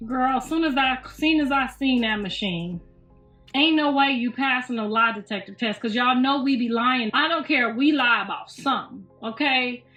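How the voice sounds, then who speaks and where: A woman's voice: high-pitched, normal speed, pushed and bright. A woman in her fifties, hosting a casual livestream from home, talking bluntly with lots of profanity and laughter. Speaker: livestream host. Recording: roomy, distant, slightly muffled, faint music.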